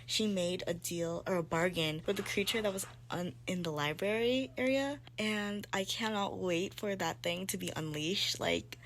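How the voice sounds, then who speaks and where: A young woman chatting casually in a reading vlog, excitable and gushing, with lots of "like". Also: medium pitch, normal speed, hardly any pauses, a little hiss or hum. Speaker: book vlogger.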